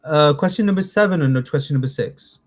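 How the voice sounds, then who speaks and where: A man's voice: on the high side, animated, fairly quick. A man teaching a live online citizenship test class, quizzing students and checking in often with "yeah?". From United Kingdom. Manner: encouraging, chatty, frequent "yeah?" check-ins.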